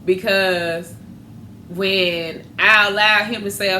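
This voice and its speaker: A woman's voice: mid-range voice, fairly even intonation, normal speed, bright, forceful tone. A woman hosting a podcast, talking candidly and animatedly about faith and dating. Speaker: podcast host. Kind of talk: casual faith talk. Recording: echoey room with faint noise.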